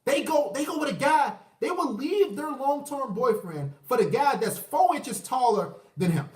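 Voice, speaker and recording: High-voiced ranting man in his thirties. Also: animated, moderate pace, distant mic. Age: 30s. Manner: profane, rambling, mocking voices, shout-outs to viewers. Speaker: livestream host. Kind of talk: ranting livestream commentary. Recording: roomy echo, away from the mic.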